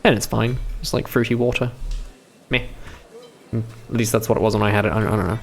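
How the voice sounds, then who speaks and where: A man's voice: lowish voice, fairly even intonation, fast, gravelly, a little hiss or hum. A man streaming a game live, reading it aloud and commenting with frequent swearing, stammers and laughter. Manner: profane, stammering, laughing often.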